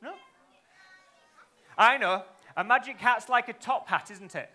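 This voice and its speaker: A man's voice: very high voice, measured pace, pushed and bright. A man performing a live children's magic show, teasing and playful, constantly asking the young audience questions. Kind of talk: live kids' show patter.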